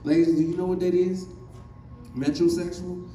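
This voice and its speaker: A man with a Southern accent works through a stand-up set, rambling and pausing on fillers. His voice sits a bit high but sounds mellow. The mic is distant in an echoey venue with faint music behind. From Virginia, USA. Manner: loose, rambling delivery with many fillers, acting out other people's voices. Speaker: stand-up comedian.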